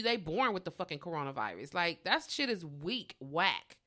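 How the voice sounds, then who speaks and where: A woman's voice: mid-range voice, pushed and bright. A woman hosting a podcast alone, ranting casually and bluntly, swearing freely. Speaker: podcast host. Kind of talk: casual solo podcast rant.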